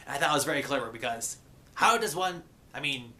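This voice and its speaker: Bright-voiced man recapping a cartoon. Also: medium pitch, lively intonation, fast talker. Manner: mock pirate grammar, chatty with fillers. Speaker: cartoon episode reviewer. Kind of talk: casual episode recap and review.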